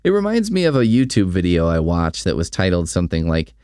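A man's voice: low-pitched, huge pitch swings, brisk, a little mellow, no echo. A man giving a casual, sarcastic spoken book review, dry in his commentary.

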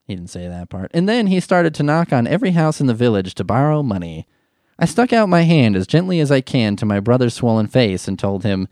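A man reading a sentimental story aloud and mocking it with sarcastic, deadpan asides. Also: mid-range voice, fast talker, dry recording, studio quality. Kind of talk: mocking commentary over a read-aloud story.

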